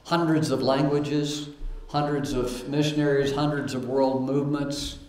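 A man's voice: mid-range voice, level tone, measured pace, a little mellow. A man preaching a sermon, reading scripture aloud between plain remarks, with fillers and repeated starts. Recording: roomy echo.

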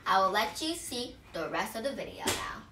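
A woman's voice: medium pitch, wildly swooping pitch, moderate pace, distant mic, loud music behind the voice. A woman vlogger explaining simple manners in an earnest, plain way, with restarts. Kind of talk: casual explainer vlog. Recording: echoey room, voice off the mic.

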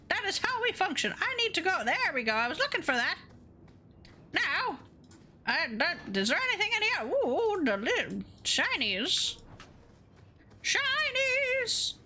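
A woman streamer giving casual, profane, excitable commentary while playing a video game. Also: very high-pitched, slight background noise.

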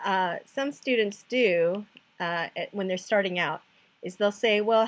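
A woman's voice: on the low side, breathy edge. A woman teaching a recorded chemistry lesson, explaining patiently step by step, counting aloud and making self-deprecating jokes. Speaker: chemistry tutor.

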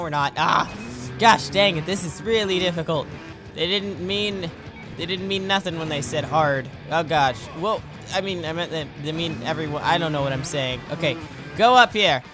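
A young man commentating on his own gameplay, excitable and jokey, talking to himself and yelping when he crashes. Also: sits high, normal speed, over music. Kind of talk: let's play commentary.

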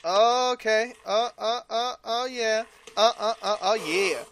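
A man doing gameplay commentary, with loud exaggerated outbursts, yelling and groaning as his character dies. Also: very high voice, takes it slowly, slight background noise. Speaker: let's player.

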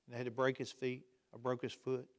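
A man preaching a sermon in a church, swinging between loud emphatic outbursts and quiet asides. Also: mid-range voice, monotone, fast. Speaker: pastor. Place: church sanctuary.

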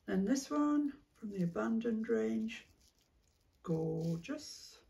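A woman with a strongly gravelly, fry-heavy voice chats unhurriedly through a casual craft vlog. She muses aloud and slips into soft whispered asides, coughing now and then. The mic sits well away from her. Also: fairly high pitch, distant mic, a little hiss or hum. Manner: chatty, musing, drops into soft whispered asides. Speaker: craft vlogger. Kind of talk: casual chat while sorting fabric.

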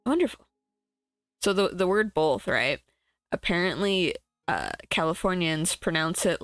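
A woman's voice: lowish voice, big pitch swings, unhurried, pauses often, fairly bright tone, no echo, soft background music. A woman chatting casually on a livestream, rambling with frequent restarts and trailing asides. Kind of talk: casual chat.

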